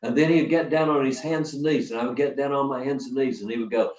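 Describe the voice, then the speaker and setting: An older man leading a storytelling workshop, talking to a live audience in a folksy, lively way with dramatic pauses. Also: mid-range voice. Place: workshop hall. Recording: roomy, distant, dull sound from the back of a hall.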